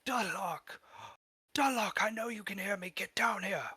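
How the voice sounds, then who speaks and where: A man voicing a flustered character who yells up a tower in exasperation, raised in pitch. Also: fairly even intonation, moderate pace, slightly rough, no room sound, heavily acted. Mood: exasperated. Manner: shouting, exasperated. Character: flustered man yelling about security.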